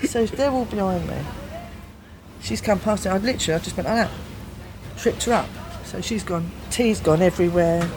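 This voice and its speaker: Foul-mouthed woman telling stories. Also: moderate pace. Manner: animated, heavy swearing, laughs often, acts out quotes with big pitch jumps. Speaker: guest telling a prison story. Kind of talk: casual storytelling chat. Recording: noisy background.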